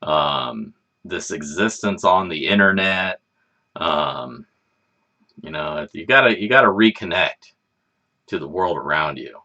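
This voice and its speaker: A man with a lowish voice hosts a casual livestream and rambles from one thought to the next. His pitch moves a lot, rising and falling as he talks. He's relaxed and swears freely. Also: takes it slowly, pauses often. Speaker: livestream host.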